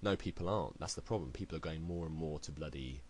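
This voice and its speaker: Very deep-voiced British man ranting. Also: quick pace, slight background noise, poor audio. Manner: heated, blunt, swears freely. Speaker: video blogger. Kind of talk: ranting opinion commentary.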